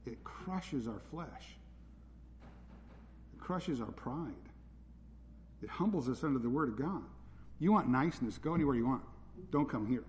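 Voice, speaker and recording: A man in the pulpit delivers a direct, unvarnished sermon. His voice sits at an ordinary middle pitch. A long reverb trails his words through the sanctuary. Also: darkish tone, slight background noise. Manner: blunt, direct preaching. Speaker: pastor. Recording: reverberant hall.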